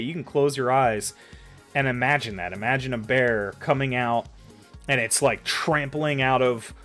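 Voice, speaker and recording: A man's voice: medium pitch, a bit bright. A man giving casual advice on running tabletop games, thinking aloud and swearing freely as he types notes. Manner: loose and profane, swearing casually; thinks aloud, lots of fillers and trailing off. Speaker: dungeon master giving advice. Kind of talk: casual tutorial while typing notes.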